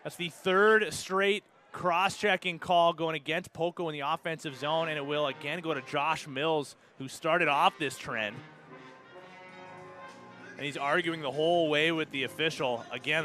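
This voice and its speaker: A Canadian man calls a lacrosse game play by play in a brisk, running commentary. His voice sits a little high for a man, with a bright, forward edge. He rises sharply whenever a shot is saved or a goal goes in. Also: steady tone, faint music behind.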